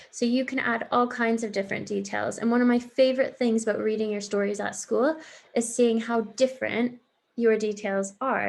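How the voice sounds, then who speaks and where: A woman's voice: mid-range voice, creaky, darkish tone. A woman, a primary school teacher giving a recorded online lesson to young children, patient and encouraging as she explains step by step.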